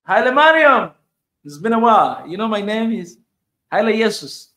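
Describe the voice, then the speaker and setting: Lively man hosting a livestream. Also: high-pitched, brisk, roomy sound. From Africa. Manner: excitable, shouts out to viewers, repeats himself. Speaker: livestream host. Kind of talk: casual livestream chat.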